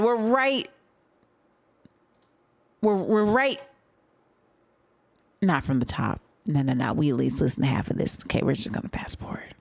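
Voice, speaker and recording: A young woman streaming a live music reaction, gushing and excitable, at times dropping into awed whispers. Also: on the low side, no room sound.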